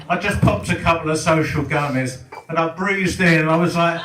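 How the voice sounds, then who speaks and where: An older man delivers a stand-up set with wry, sardonic timing. His voice sits a little high for a man. He is recorded from a distance in an echoey comedy club, with clear noise underneath. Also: lively intonation, a little fast. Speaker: stand-up comic.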